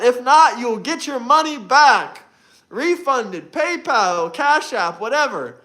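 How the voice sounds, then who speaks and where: A man's voice: extremely high pitch, animated, slow pace, bright, forceful tone. A man in his twenties hosting a livestream, talking to chat in a brash, mocking, provocative way. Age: 20s. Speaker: livestream host. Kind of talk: live-stream chat.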